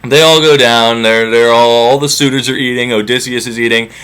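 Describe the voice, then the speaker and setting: A man's voice: medium pitch, fairly even intonation, a little fast, a bit bright, clean tone. A man retelling an old myth as comedy, casual, irreverent and profane. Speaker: storyteller.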